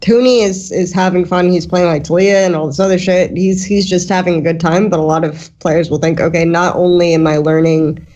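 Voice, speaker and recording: A woman talking as an esports analyst in a casual podcast discussion, with a flat, deadpan delivery. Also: lowish voice, a little fast. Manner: flat deadpan delivery, self-described monotone. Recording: dull lo-fi audio.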